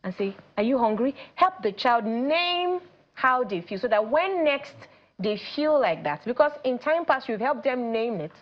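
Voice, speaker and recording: Nigerian woman, parenting coach on a talk show, animated, quotes people in voices, a bit dull sound. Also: fairly high pitch, measured pace. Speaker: teen coach guest. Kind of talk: studio talk show conversation.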